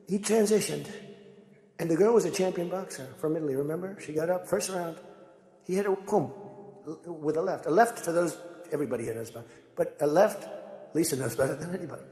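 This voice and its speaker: An older man speaks in a rambling, storytelling way, his fairly high voice carrying a gravelly fry. The sound rings out through a large hall with a long, lingering reverb. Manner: rambling, conversational, animated storytelling. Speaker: political speaker. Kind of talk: rambling speech to a crowd.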